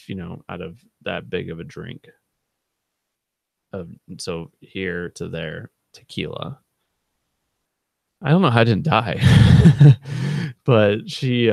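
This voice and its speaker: A man's voice: sits low, vocal fry, darkish tone, no room sound, clean studio sound. A man co-hosting a vlog, telling a long story in a laid-back, rambling way with lots of fillers. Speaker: channel co-host.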